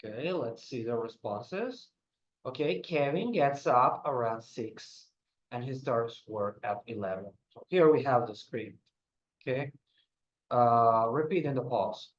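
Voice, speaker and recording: Slow-paced man teaching English. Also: mid-range voice, expressive, reverberant, muffled recording. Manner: slow, repeats words for drills. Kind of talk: online language lesson.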